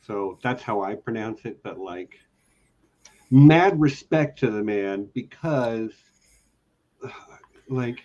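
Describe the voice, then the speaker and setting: A man's voice: fairly low pitch, expressive, slow pace, long pauses, warm tone. A man co-hosting a casual podcast discussion as a long-time fan, talking in an eager, emphatic way. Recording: dull lo-fi audio.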